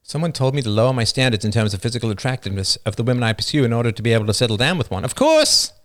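Host, male, middle-aged, emphatic, slightly rough-voiced, mid-pitched. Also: very fast. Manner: passionate and emphatic, reads chat messages aloud. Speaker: call-in show host. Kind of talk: live call-in philosophy show.

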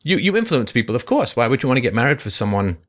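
A man hosting a call-in advice show, talking emphatically with rhetorical questions and lively swings in pitch. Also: quick pace.

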